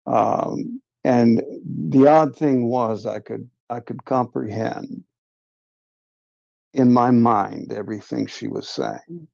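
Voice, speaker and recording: Gravelly man telling a story. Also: medium pitch, takes it slowly, mellow, no echo. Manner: earnest, confiding, recounting a strange encounter. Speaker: livestream host. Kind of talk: casual first-person storytelling. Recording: dull lo-fi stream audio.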